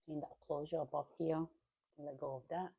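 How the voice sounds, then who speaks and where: Woman, day trader, live trading commentary, thinking aloud, deep voice, rough fry. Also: fairly even intonation, normal speed, warm tone. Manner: thinks aloud, talks to herself, slangy quips.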